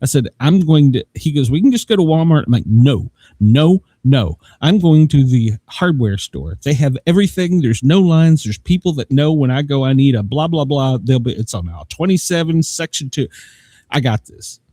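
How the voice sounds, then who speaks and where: A man's voice: fairly high pitch, expressive, brisk, warm tone, no echo. A man telling a long, rambling story in casual chat as a show host, laughing often. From Southern United States.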